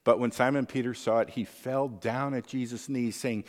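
A man's voice: medium pitch, steady tone, moderate pace, few pauses, big-room sound. A man preaching a sermon as pastor, conversational, often checking in with the listeners with tag questions.

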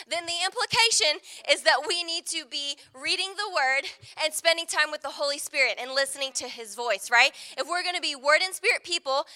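Bright-voiced, high woman pastor preaching. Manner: conversational, frequent "right?" asides. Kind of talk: sermon.

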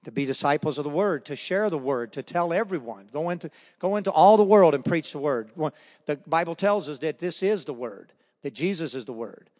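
A man giving a spoken faith testimony, telling his story with animated energy and acting out the voices of the people in it. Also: fairly high pitch, fairly quick. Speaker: speaker sharing his testimony. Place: church hall or meeting room. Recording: long hall reverb.

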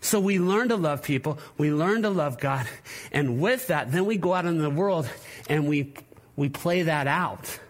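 A man, a pastor, preaching a sermon in a church, animated and joking with the congregation, repeating words when worked up. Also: a little high, unhurried. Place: church sanctuary.

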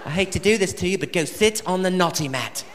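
A man voicing a prim, unflappable English female nanny with an English accent, scolding calmly, recorded live before a loud crowd. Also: sits high, quick pace, in a large hall, noisy background. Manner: calm, scolding, overly patient.

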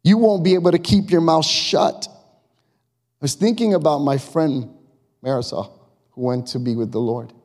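A man's voice: fairly high pitch, moderate pace, pauses often, a little mellow. A man preaching a sermon as pastor, talking in a conversational, emphatic way and asking the congregation questions. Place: church sanctuary. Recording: long reverb of a church hall.

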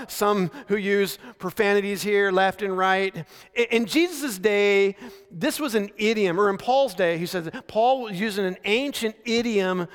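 High-voiced male preacher in a reverberant hall. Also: a bit bright, smooth. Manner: conversational storytelling preaching with frequent slowdowns for emphasis. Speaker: pastor. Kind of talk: sermon. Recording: long reverb of a large hall.

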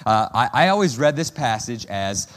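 A man preaching a sermon to his congregation in a conversational way, often asking "right?" and restarting his sentences, and acting out prayers and quotes with more energy. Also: normal speed. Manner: animated, acts out prayers and quotes in a higher, louder voice. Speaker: pastor.

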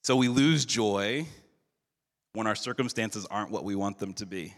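A male pastor giving a sermon in an earnest, measured way, slowing down for emphasis. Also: lowish voice. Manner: earnest, measured preaching with slowed emphatic phrases. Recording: long hall reverb.

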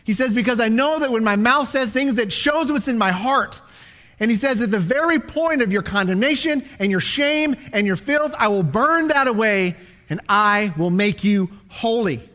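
A man with a high voice preaches a dramatic sermon. He swings from loud, ringing declarations down to near-whispers as he reads and explains scripture. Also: expressive, normal speed. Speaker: pastor.

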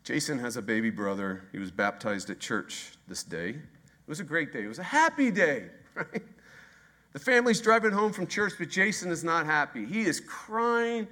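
A male pastor delivering a sermon with a bright, forceful tone. He drives his points home with repeated phrases and rhetorical questions, swinging between quiet asides and rising intensity. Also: a little high, lively intonation, normal speed. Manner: emphatic, repetitive rhetorical questions.

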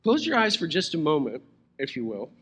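A man's voice: fairly high pitch, wildly swooping pitch, a little fast, fairly bright tone, husky. A man preaching a sermon as pastor, conversational and playful, chuckling now and then.

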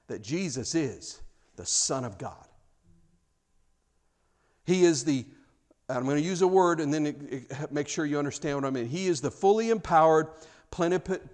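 A man giving an expository sermon, reading scripture aloud and explaining it in an earnest way that often restarts and repeats words. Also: fairly high pitch. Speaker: preacher.

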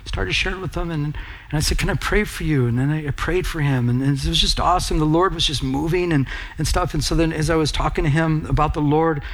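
A man's voice: on the high side, fairly even intonation, brisk. A middle-aged man preaching a sermon as pastor, telling personal stories in an earnest, conversational way.

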